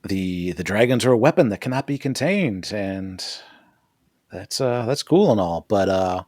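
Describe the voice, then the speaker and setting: Here a man with a mid-range, slightly mellow voice co-hosts a podcast, chatting casually through a TV episode recap. Profane and jokey, he laughs often, speaking at a measured pace with lively intonation in a dry, studio-quality recording.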